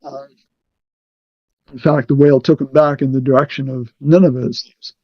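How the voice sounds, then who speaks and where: A man leading a scripture study, explaining verses deliberately and checking in with "okay" often. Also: mid-range voice, level tone, dry recording. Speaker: Bible study leader. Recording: muffled, dry sound.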